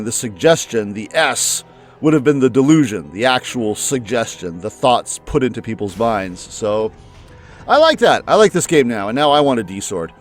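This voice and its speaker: A man hosting a let's play, chatting and musing about the story before playing, his pitch jumping up often. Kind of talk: casual commentary before a game. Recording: faint music underneath.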